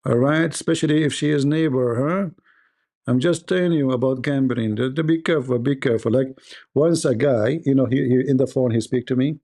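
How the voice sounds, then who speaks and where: Gravelly joking man telling stories. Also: medium pitch, fairly quick, dark tone. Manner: laughs at own stories, acts out dialogue. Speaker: live stream host. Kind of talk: joking live-stream monologue.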